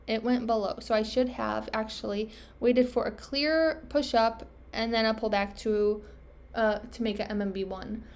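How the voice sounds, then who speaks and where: Thinking aloud over her trading charts in a casual screen recording, a young woman is self-critical and tends to trail off. She's losing her voice. Her pitch is fairly high, her tone steady, and her pace moderate.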